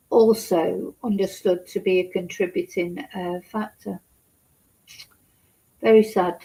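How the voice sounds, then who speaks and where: In poor audio, a woman vlogging reads out a news story, interjecting hesitant personal remarks as she grows upset. Her mid-range voice is soft-spoken and chatty. Fillers crop up constantly.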